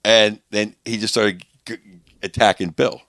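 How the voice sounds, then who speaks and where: A man's voice: on the low side, steady tone, measured pace, fairly bright tone. A middle-aged man from Pittsburgh, a guest comedian telling a rambling anecdote on a podcast, full of restarts. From Pittsburgh, USA. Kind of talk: casual storytelling on a podcast.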